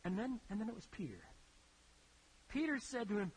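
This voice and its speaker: A preacher telling stories in a sermon, in an animated, conversational way that builds to emphatic peaks. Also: mid-range voice, normal speed, pauses often, husky, low-quality recording. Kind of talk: sermon storytelling.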